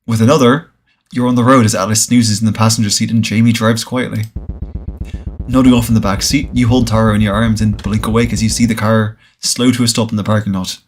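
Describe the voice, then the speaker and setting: A man's voice: fairly low pitch, steady tone, brisk, a little hiss or hum. A man playing a visual novel, reading its text aloud with jokey, casual asides. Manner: casual, jokey asides between read lines. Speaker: game streamer.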